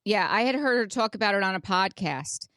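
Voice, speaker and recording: A woman's voice: medium pitch, expressive, a little fast, fairly bright tone, dry recording, clean studio sound. A woman co-hosting a podcast, chatting casually and recounting a reality show in detail. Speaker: podcast co-host.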